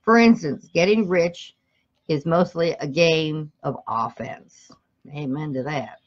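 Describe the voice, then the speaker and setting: Her voice sits low and her pace is slow as this woman reads motivational self-help text aloud, with the audio muffled. She sometimes stumbles and corrects herself, breaking away to speak to listeners directly.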